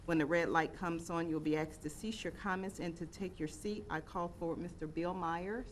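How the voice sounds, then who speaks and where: A woman serving as city clerk, reading meeting procedure and ordinances in a measured, formal way. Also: lowish voice, steady tone, slight background noise. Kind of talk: formal reading of agenda items.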